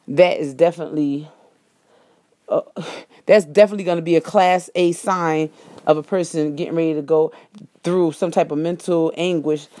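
A woman's voice: low-pitched, dark tone, no echo. A woman hosting a casual monologue, talking straight to her listeners in a rambling, folksy way and correcting herself as she goes.

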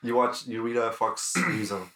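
A man co-hosting a podcast, cracking dry, teasing deadpan jokes in casual banter. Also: medium pitch, normal speed. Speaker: podcast co-host.

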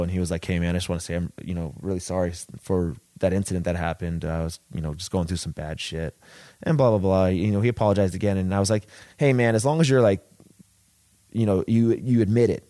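Man, low voice, rambling profane storyteller, dry close mic. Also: mellow, no room sound. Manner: rambling, profane, many restarts. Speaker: wrestler telling a story. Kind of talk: casual podcast storytelling.

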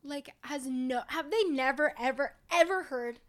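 A young woman with a high, bright-pitched voice, co-hosting a casual podcast. She talks in a loose, chatty way, swears freely and tells her stories with animation. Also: measured pace. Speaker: podcast co-host. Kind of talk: casual chat.

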